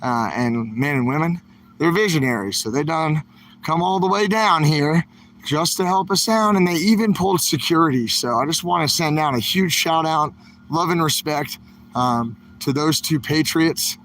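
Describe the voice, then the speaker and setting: A man's voice: fairly high pitch, normal speed, fairly bright tone, slight background noise, low-quality recording. A man hosting a casual outdoor livestream from a protest camp, talking straight to his viewers in an upbeat, rambling way. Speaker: livestream host. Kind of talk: casual walk-and-talk livestream.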